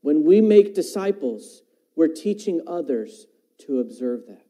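A man's voice: fairly high pitch, very animated, a little slow, mellow, poor audio. A man preaching a sermon, quoting scripture and asking his listeners questions. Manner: talks about teaching his own children.

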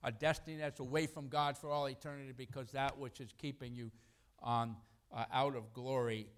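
A middle-aged man preaching a sermon in a conversational, animated way, acting out quotes and chuckling between points. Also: mid-range voice, moderate pace, clear, resonant tone.

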